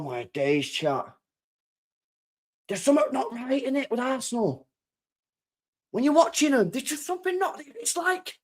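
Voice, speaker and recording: A young man reacting live to a football match on his stream, excitable and sweary, repeating his lines. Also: a little high.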